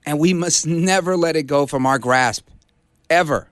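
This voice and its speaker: Speaking at a moderate pace in a slightly high voice, a middle-aged man from Brooklyn, New York, hosts a conservative talk radio show and launches into a passionate, rallying monologue. The studio broadcast mic gives a clean, dry sound.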